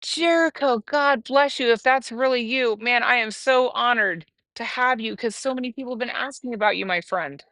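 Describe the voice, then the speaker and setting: A woman hosting a casual livestream, telling a story in a chatty, animated way with laughs. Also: on the high side, normal speed, few pauses, dry recording. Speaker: livestream host.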